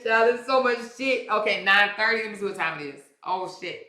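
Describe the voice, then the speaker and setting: A woman's voice: mid-range voice, normal speed, sharp tone, roomy sound. A woman hosting a casual livestream, talking bluntly and with plenty of profanity straight to her viewers. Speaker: livestream commentary host.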